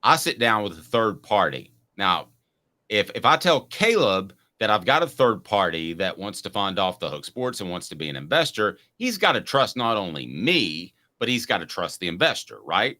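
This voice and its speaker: A man's voice: on the low side, very animated, moderate pace, bright, forceful tone. A man hosting a sports talk show, talking casually and rambling through long explanations with many restarts. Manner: rambling, restarts mid-sentence.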